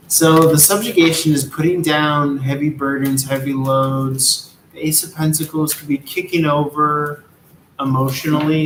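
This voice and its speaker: A man's voice: fairly high pitch, echoey room, background noise. A man giving a casual, rambling tarot reading, laid-back and drifting from topic to topic. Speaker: tarot reader.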